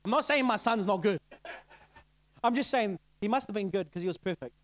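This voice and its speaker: A man's voice: high-pitched, fairly quick, no room sound, poor audio. A middle-aged male pastor giving a casual sermon, conversational and laughing often, asking the crowd rhetorical questions. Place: church.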